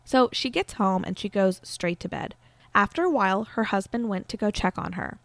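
A woman narrating a true-crime story in a chatty, casual podcast style, dropping fillers as she goes. Her voice sits at a middle pitch and sounds close and dry. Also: animated, normal speed, vocal fry, fairly bright tone, dry recording. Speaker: podcast host.

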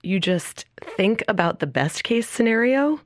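A woman's voice: medium pitch, animated, unhurried, no echo, clean studio sound. A woman from Massachusetts, a company founder, talking playfully as a podcast guest. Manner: playful, laughs often. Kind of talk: casual podcast interview.

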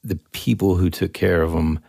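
A young man co-hosting a casual podcast chat, rambling and animated, with lots of fillers. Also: sits low, normal speed, creaky, no room sound, studio quality. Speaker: podcast co-host.

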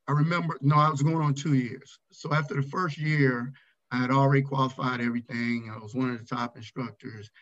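Middle-aged ex navy chief, candid storytelling, gets fired up, kinda muffled lo-fi sound. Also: male voice, medium pitch. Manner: candid, animated when retelling his anger. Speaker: retired navy command master chief, podcast guest. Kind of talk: storytelling in a casual interview.

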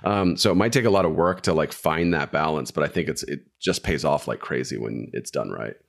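A man with a very low voice rambles through a casual podcast chat about movies. He circles back on himself and fills gaps with fillers as he thinks aloud. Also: a little fast, gravelly. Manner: meandering, self-interrupting analysis with many fillers. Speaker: podcast co-host discussing films.

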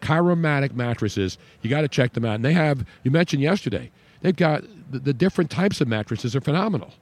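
A man's voice: mid-range voice, expressive, fairly quick. A man hosting a talk radio show, chatting loosely and reading a live ad. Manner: chatty, rambling.

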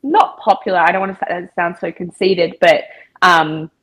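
A woman talks as a podcast guest, recounting events in a loose, chatty way. Her voice is husky and slightly breathy and sits on the lower side, and she fills her speech with casual filler words. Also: steady tone, moderate pace, fairly bright tone, low-quality recording. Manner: chatty, with frequent filler words and quoted dialogue. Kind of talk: casual storytelling interview.

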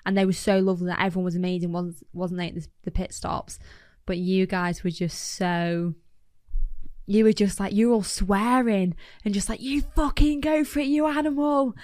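A woman's voice: on the low side, moderate pace, no echo, studio quality. Chatty woman telling a story. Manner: chatty, animated, lots of fillers. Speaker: podcast guest. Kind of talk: casual storytelling chat.

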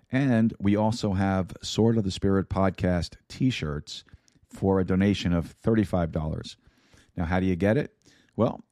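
A man with a scratchy, hoarse voice reads podcast announcements, stumbling over words and filling gaps with "uh". His voice sits very low and mellow, recorded dry and close. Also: no echo. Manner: rambling with stumbles and fillers. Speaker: podcast host. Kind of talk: casual announcements.

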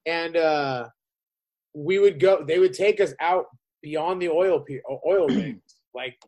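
A man with a high-pitched voice tells a story in loose, casual chat. He rambles, restarts his sentences and swears often. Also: a little mellow, low-quality recording. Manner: rambling, profane, halting.

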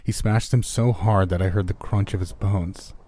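Deep-voiced man narrating a horror story. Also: fairly even intonation, normal speed, warm tone. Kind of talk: first-person horror narration.

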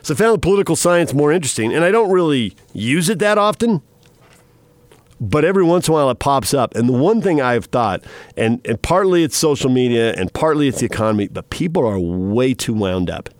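A middle-aged man hosting a radio talk show, telling chatty stories in a casual, animated way. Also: mid-range voice, a little fast, no room sound. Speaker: radio host.

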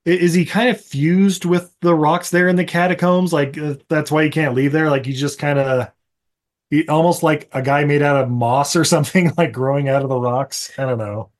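A man co-hosting a movie podcast, rambling through a plot recap and laughing often. His voice sits a bit higher than most men's. The talk is loose and jokey, full of fillers and restarts. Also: fairly even intonation, moderate pace. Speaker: podcast co-host. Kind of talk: casual movie-recap chat.

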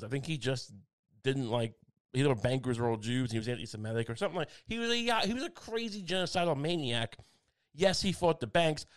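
Guy going off on a profane rambling rant, sardonic, keeps restarting his sentences. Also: medium pitch. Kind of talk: casual political monologue.

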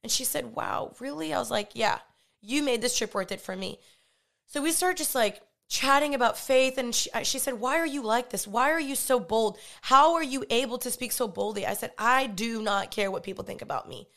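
A woman giving a personal faith testimony, retelling a conversation in an animated, earnest way and often quoting herself. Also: a little high, moderate pace, creaky. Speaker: Christian vlogger and podcaster.

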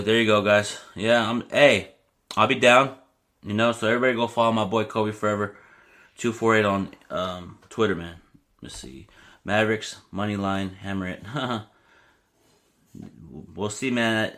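A young man hosts a casual sports podcast in a bright, forward voice. He talks loosely, ranting and getting worked up, and leans on filler like "you know what I mean". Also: on the low side, measured pace, long pauses.

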